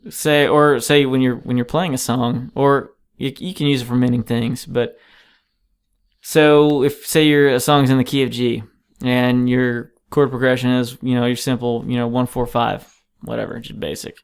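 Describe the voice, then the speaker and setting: Relaxed and rambling, a male touring guitarist chats casually as a podcast guest in a home basement, peppering his talk with "you know" and "man." His medium-pitched voice is level, clear, and resonant, at a moderate pace.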